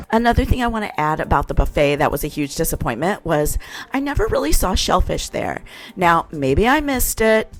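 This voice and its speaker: A woman hosting a casual travel vlog, chatty and frank, complaining with humor. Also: lowish voice. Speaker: vlog host. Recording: music playing underneath.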